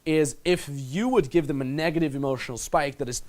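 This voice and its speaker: A man's voice: fairly high pitch, fairly quick. A man working as a dating coach, talking casually and crudely as he breaks down footage in a voice-over lesson. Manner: crude, casual, mimics others in put-on voices.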